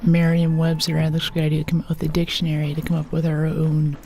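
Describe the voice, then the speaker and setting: Low-voiced soft-spoken woman streamer. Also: completely flat delivery, quick pace, a little hiss or hum. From United States. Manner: rambling, playful, often dropping to a whisper. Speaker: game streamer. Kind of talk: soft-spoken ASMR game stream chat.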